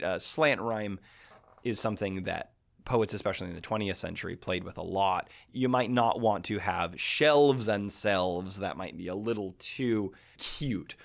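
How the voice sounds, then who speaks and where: A man's voice: lowish voice, gravelly. A man hosting a podcast, explaining a poem's rhyme and meter in a thoughtful lecturing manner. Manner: thoughtful, explanatory, reads quoted verse aloud. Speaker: podcast host discussing poetry. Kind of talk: spoken lecture on poetry.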